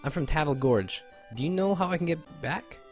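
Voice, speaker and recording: A man voicing a bewildered young male video game hero, excited and full of questions. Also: a little high, normal speed, faint music behind, voice pushed up, natural voice.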